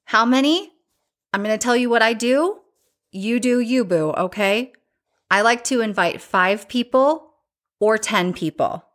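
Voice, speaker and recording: A woman's voice: a little high, lively intonation, measured pace, fairly bright tone. A young woman talking casually and candidly, sharing advice on growing a social media following. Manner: chatty and candid, acts out her own inner voice. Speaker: social media creator giving tips.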